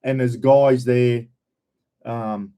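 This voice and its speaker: An older Australian man chatting casually on a live stream. His voice sits at an ordinary middle pitch. He greets viewers one by one and speaks bluntly, with plenty of swearing. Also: steady tone, drawn-out words, warm tone, clean tone.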